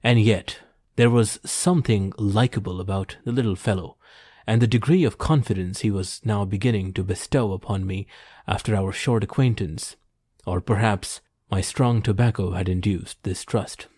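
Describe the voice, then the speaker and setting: A man narrating an audiobook in a measured, formal storytelling manner. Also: on the low side, darkish tone, no echo, studio quality. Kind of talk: scripted narration.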